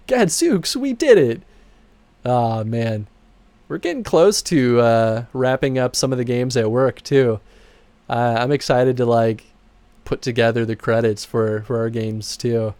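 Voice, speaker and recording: A chatty male streamer talks to his viewers in a relaxed, rambling way and laughs often. His voice sits in an ordinary middle register but jumps up when he gets excited. The recording is close and dry, with no room sound. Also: medium pitch, a little slow, smooth, no echo. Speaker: streamer and game producer. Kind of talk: casual livestream chat over game credits.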